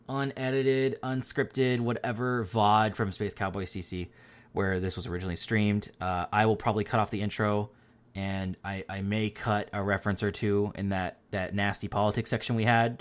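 A man's voice: on the low side, little pitch movement, moderate pace. A man hosting a podcast, talking in a rambling, casual way, with lots of fillers and offhand swearing. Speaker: podcast host. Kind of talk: casual chat.

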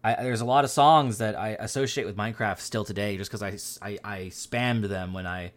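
A man's voice: on the low side, a little fast. A man hosting a podcast, talking in a rambling, casual way, with lots of fillers and offhand swearing. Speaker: podcast host. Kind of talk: casual chat.

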